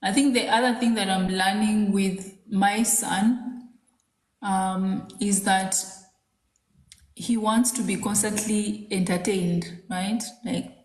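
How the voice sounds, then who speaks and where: A woman in her thirties from Kenya talks through parenting in a loose, chatty way, full of "um" and "like". Her voice sits at a middle pitch. The room around her sounds echoey. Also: steady tone, takes it slowly, darkish tone. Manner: chatty, rambling, many fillers. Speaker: podcast co-host. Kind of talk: casual chat.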